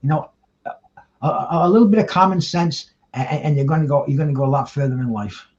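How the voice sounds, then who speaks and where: A fairly high-voiced man talks plainly and bluntly on a panel. He often trips over his words and restarts. The recording sounds dull and lo-fi. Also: brisk, darkish tone. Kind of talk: casual panel talk.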